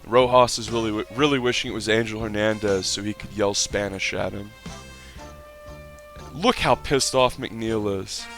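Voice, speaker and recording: A man doing mock play-by-play commentary over a game clip and ranting in a profane, exasperated way, sometimes breaking into shouts of excitement. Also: lowish voice, normal speed, soft background music. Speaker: online video commentator.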